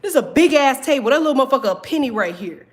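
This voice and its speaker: A brash female spirit guide, put on by a woman who has no time for small troubles. She swears freely and talks dismissively, in a fairly high voice. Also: expressive, racing. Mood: exasperated.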